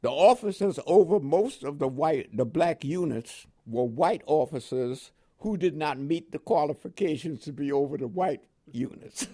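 A man's voice: on the high side, dark tone. An older man from Panama with a New York accent touched by West Indian inflections, telling his life story in an interview and chuckling often. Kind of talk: oral history storytelling.

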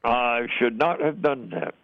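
A man's voice: mid-range voice, unhurried, dry recording. An older man, a war veteran, telling his story in a plain-spoken, folksy way and chuckling as he goes. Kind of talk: oral history storytelling. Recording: dull, dry lo-fi recording.

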